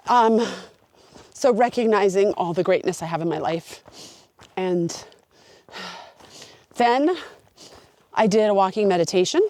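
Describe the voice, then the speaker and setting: A woman's voice: medium pitch, expressive, a little slow, pauses often, a little mellow, dry recording. Earnest woman vlogging on a mountain trail. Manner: earnest, open and heartfelt. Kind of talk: reflective talk to camera.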